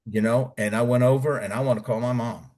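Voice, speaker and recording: A man's voice: mid-range voice, steady tone, a little fast, darkish tone. Man telling profane Army stories. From United States. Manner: colorful, profane, acts out quotes. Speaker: interview guest, retired Army Ranger. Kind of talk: casual storytelling.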